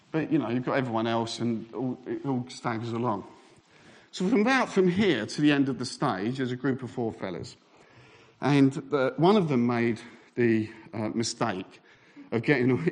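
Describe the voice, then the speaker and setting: A minister in middle age tells a funny story from the pulpit, his pitch leaping up and down as he goes. His telling is lively and self-mocking, and his voice sits at an ordinary middle pitch. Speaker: Baptist minister. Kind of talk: sermon storytelling.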